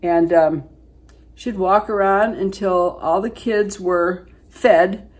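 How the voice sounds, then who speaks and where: A woman's voice: mid-range voice, slow pace. Chatty woman in her seventies doing makeup. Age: 70s. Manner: chatty storyteller, rambling with fillers, dropping to soft asides while applying makeup. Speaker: beauty vlogger. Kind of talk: casual makeup tutorial chat.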